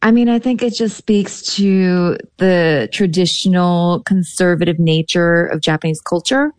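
A woman correspondent explaining a local story in a conversational way, her voice set low. The sound is dry and close. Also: steady tone, unhurried, a little mellow, no echo. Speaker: foreign correspondent. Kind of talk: interview answers.

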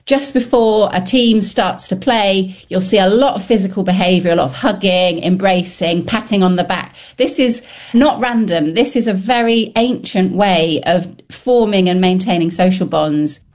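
A woman's voice: mid-range voice, normal speed, a little mellow. Woman scientist explaining her research. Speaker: scientist guest. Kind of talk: interview answers.

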